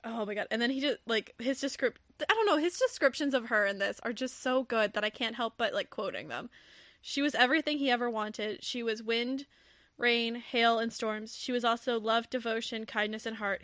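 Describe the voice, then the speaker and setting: Animated, bright-voiced woman podcast host. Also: a little high, fairly quick, no room sound. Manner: animated storytelling, acts out quotes, swears and laughs. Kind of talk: casual book recap chat.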